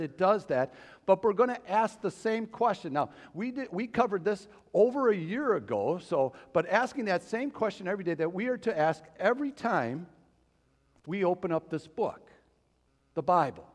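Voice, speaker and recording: A man preaching a sermon as pastor, asking the congregation questions as he goes. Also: sits high. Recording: long hall reverb.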